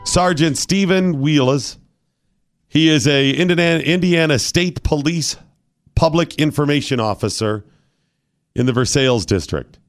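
A man's voice: a little high, unhurried, faint music behind. A man hosting talk radio, ranting in a mock-dramatic, theatrical way. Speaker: radio host.

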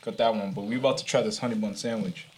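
A man's voice: fairly low pitch, fairly even intonation, fast, a little mellow, a little hiss or hum. A young man co-hosting a podcast in casual chat, cutting in with hyped remarks and repeating his phrases. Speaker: podcast co-host.

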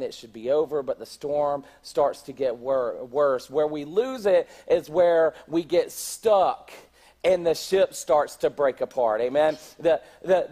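A man's voice: a little high, darkish tone. A middle-aged man preaching in a church, speaking conversationally, often restarting his words and asking the congregation questions. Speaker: pastor. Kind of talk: sermon.

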